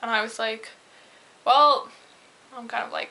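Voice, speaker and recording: A woman's voice: a little high, fairly even intonation, moderate pace, bright, forceful tone, low-quality recording. A young woman talking in a casual confessional vlog, rambling and heated, with lots of fillers and swearing. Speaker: vlogger.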